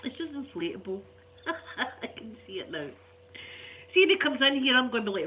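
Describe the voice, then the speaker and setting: A woman's voice: a little high, very animated, moderate pace, sharp tone. Brief: older Scottish woman, stuffy cold voice, rambling chatty delivery, faint hum behind. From Scotland. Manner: chatty, rambling, laughs often. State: stuffy, unwell. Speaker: ASMR channel host. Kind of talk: casual chat to viewers.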